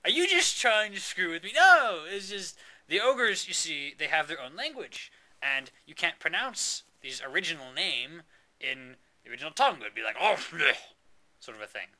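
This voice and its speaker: Young man, slightly high and piercingly bright; rambling improv storyteller who keeps questioning his own plot. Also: sing-song, normal speed. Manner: rambling, self-interrupting, argues with himself.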